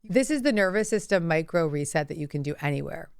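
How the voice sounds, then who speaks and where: A woman teaching guided relaxation, coaching softly and slowly with breath cues. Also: low voice, animated, creaky, clean tone, no echo, studio quality. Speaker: self-help teacher.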